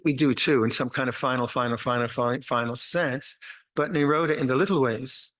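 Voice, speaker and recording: An older man, a monastic teacher, giving an unhurried, reflective dharma talk with meditation instructions, often restarting phrases and adding gentle humor. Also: mid-range voice. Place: retreat meditation hall.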